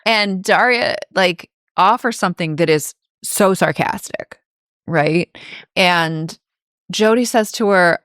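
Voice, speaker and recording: A woman podcast co-host, chatting in an animated way as she retells scenes and laughs along. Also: lowish voice, takes it slowly, dry recording, clean studio sound. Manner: animated storyteller, laughs often. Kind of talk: casual discussion.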